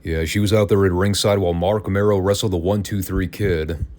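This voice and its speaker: A man's voice: low voice, fairly even intonation, brisk, a little mellow. A man hosting a podcast, giving a casual, opinionated and sarcastic wrestling review. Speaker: podcast host.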